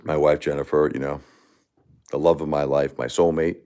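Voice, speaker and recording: A man in his forties, grief-stricken, talking haltingly on a livestream as host and answering viewer comments. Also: rumbling low, flat delivery, warm tone. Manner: halting and repetitive, many restarts and fillers.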